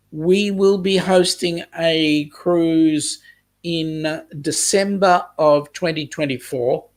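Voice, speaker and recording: Slow-talking Australian man hosting a chat. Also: on the high side. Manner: chatty, reads out viewer comments, lots of ums. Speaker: host reading live chat. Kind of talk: casual live-stream chat.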